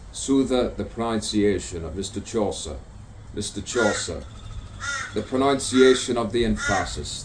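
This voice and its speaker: A man's voice: on the low side, a little mellow. A man speaking an improvised stream-of-consciousness monologue outdoors, rambling through rhyming wordplay and repeating words over and over. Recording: distant mic with faint background noise.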